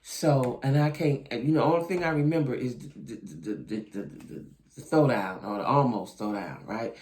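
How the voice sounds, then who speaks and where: A man's voice: medium pitch, expressive, a little slow, a little mellow. Chatty opinionated man reviewing a show. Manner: chatty, opinionated, keeps asking "right?" and "you know what I'm saying?"; talks straight to viewers as "y'all". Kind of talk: casual video commentary.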